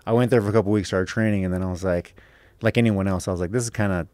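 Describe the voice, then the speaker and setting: A man's voice: low voice, steady tone, racing, darkish tone, dry recording. A man in his thirties, an MMA fighter on a podcast, telling a story casually with lots of swearing and acted-out quotes.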